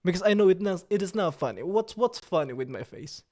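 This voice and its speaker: A man hosts a livestream in a slightly raised voice. He chats with viewers in a playful, preening, mock-serious way, with halting, broken sentences and stray French words. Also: high voice, animated, a little mellow. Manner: drops in occasional French words. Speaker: livestream host. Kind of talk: casual livestream chat with viewers.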